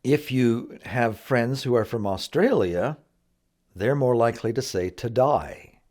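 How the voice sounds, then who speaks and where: A man teaching vocabulary in a slow, careful lesson, patiently drawing out each word for learners to repeat. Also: mid-range voice, expressive, darkish tone. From Canada. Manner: patient, drawn-out word drills. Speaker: English teacher.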